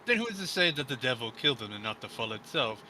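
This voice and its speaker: A man's voice: mid-range voice, big pitch swings, fast talker, bright, forceful tone, slight background noise, rough recording. A man playing a tabletop game, arguing a contract point in character with lawyerly, probing questions. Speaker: player.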